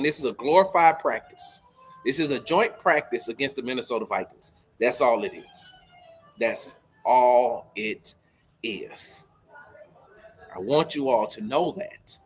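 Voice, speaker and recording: A man's voice: a little high, a bit bright, slightly rough. A man hosting a sports talk show, repeating his warnings with emphatic insistence. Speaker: podcast host.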